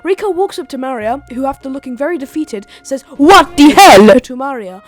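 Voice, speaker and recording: A woman's voice: high voice, lively intonation, a little fast, heavy background noise. A woman giving a comedic, sarcastic recap of a video game's story, with joking asides. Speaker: video reviewer. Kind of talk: comedic game lore recap.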